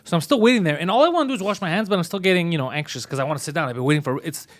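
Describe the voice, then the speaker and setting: A man's voice: on the high side, lively intonation, very fast. A man co-hosting a comedy podcast, telling a story in casual chat and acting out the dialogue. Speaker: podcast co-host.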